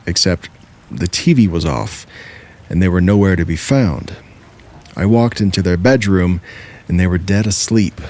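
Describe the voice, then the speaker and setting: A man narrating true scary stories in a steady, measured first-person reading. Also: sits low. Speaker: horror story narrator.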